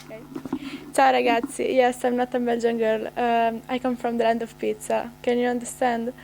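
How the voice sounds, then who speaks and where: A woman's voice: a little high, little pitch movement, moderate pace, gravelly, a little mellow, a little hiss or hum, poor audio. A teenage girl from Italy introduces herself to pen pals in a playful way. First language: Italian. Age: teens. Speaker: exchange student.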